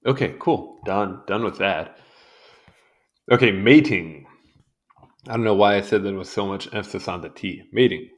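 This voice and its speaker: A young man with a fairly low voice reads through an encyclopedia page in a loose, casual way. He keeps wandering off into amused side comments. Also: normal speed. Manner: rambling, easily sidetracked, amused asides. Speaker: video host reading a wiki article. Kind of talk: casual read-along commentary.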